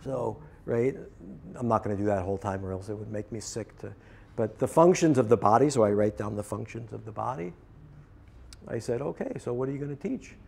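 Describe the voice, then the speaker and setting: A man's voice: fairly low pitch, brisk, creaky, a little mellow, slight background noise. A man teaching process work, telling a story as a lecture and acting out both sides of the dialogue.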